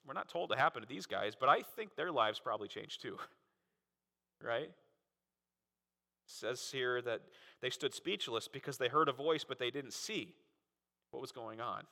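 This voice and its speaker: A man preaching a sermon as pastor, animated and full of rhetorical questions. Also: high-pitched, moderate pace, gravelly. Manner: animated, frequent rhetorical "right?" asides. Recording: long reverb of a large hall.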